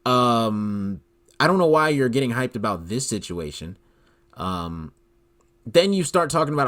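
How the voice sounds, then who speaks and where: A man hosting a solo commentary podcast, talking in an animated, incredulous way and filling his speech with "like". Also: medium pitch, unhurried. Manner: animated, incredulous, leans heavily on "like". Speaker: podcast host.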